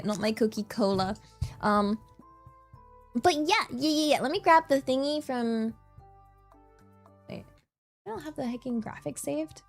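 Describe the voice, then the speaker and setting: A young British woman streamer chatting casually with her viewers, bubbly and giggly as she reads out the chat. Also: a little high. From Britain.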